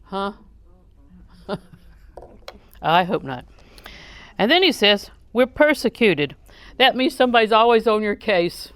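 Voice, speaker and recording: Chatty woman preaching with a smooth voice. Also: medium pitch, animated, slow pace, long pauses, no echo. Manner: conversational and joking, questions the audience. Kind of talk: sermon.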